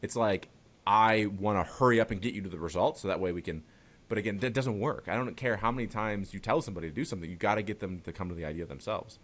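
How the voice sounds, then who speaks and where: A man's voice: lowish voice, fast talker, fairly bright tone. A man hosting a podcast, talking casually and loosely, swearing now and then and laughing easily. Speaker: podcast host. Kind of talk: casual interview chat.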